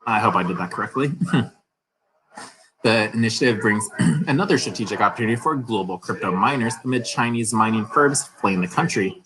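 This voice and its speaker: A man's voice: on the low side, a little fast, noisy background. Man reading crypto news casually. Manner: reads articles aloud with chatty asides and laughs. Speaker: crypto news channel host.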